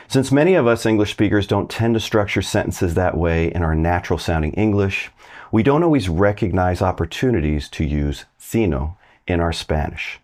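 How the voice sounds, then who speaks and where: Low-voiced casual male language teacher. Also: animated, normal speed, a little mellow. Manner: friendly, chatty, asks viewers to try translating. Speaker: Spanish teacher. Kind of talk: casual online language lesson.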